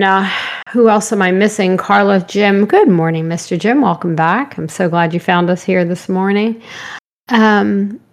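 A woman hosting a live-streamed spiritual talk, her voice slightly hoarse, rambling gently and greeting viewers by name. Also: mid-range voice. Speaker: spiritual show host.

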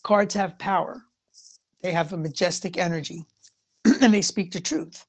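Chatty woman, slightly low voice. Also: moderate pace, a little mellow. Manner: chatty and rambling, frequent "you know" fillers. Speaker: tarot reader. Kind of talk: casual spiritual talk to viewers.

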